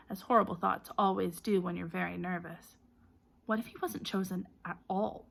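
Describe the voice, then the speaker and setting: A woman narrates an audiobook in a bright, forward voice. She reads in a lively way and gives called-out names and shouts plenty of energy. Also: mid-range voice, vocal fry. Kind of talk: storybook narration.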